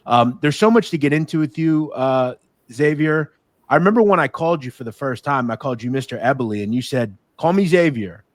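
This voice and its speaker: A man's voice: mid-range voice, animated, a little fast, no echo. A man hosting an interview podcast, opening with an upbeat promo and then asking his guest questions. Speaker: podcast host. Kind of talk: interview show intro and questions.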